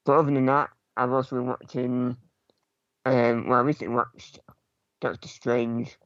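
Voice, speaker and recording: A man's voice: medium pitch, flat delivery, normal speed, fairly bright tone, no room sound. A man co-hosting a casual podcast, dry-humoured and rambling with plenty of ums. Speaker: podcast co-host. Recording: dry, dull home mic.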